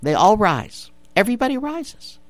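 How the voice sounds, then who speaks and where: Animated, emphatic woman talk radio host. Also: mid-range voice, moderate pace, dry recording. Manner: emphatic, repeats points, asks rhetorical questions. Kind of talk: opinionated talk radio chat. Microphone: studio radio mic.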